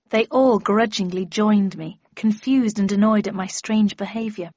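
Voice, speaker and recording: A woman's voice: medium pitch, fairly even intonation, moderate pace, few pauses, a little mellow, no echo. A woman reading a first-person novel aloud in a dry, wry storytelling manner. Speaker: audiobook narrator. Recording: dull lo-fi dry recording.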